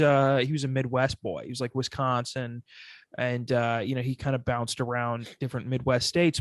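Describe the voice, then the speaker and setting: A man's voice: medium pitch, no room sound, clean studio sound. A man co-hosting a podcast, chatting casually with lots of restarts and swearing. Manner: rambling, profane, many restarts. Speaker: podcast co-host. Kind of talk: casual chat.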